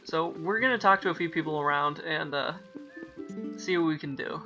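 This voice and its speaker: A young man narrates his gameplay in a loose, rambling way, correcting himself mid-thought and voicing the game's characters playfully as he reads their lines. His voice sits on the high side at a moderate pace. Faint game music comes through a dull, lo-fi mic; he's a let's-play gamer.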